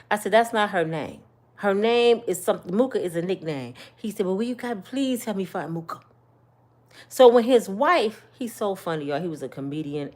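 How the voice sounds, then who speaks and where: A woman, telling stories in a casual monologue, swinging between loud bursts and hushed asides. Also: medium pitch. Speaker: commentator.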